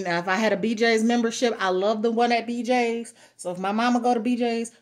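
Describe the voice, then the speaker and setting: A woman vlogger chatting casually through product reviews, blunt and frank, cussing freely and laughing often. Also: a little high. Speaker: beauty and lifestyle vlogger.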